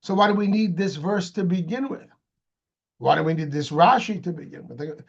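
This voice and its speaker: Animated rabbi, man, high-pitched voice. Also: a little fast, lo-fi sound. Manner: animated, asks rhetorical questions, repeats words when restarting. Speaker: rabbi teaching Torah. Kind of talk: explanatory lecture.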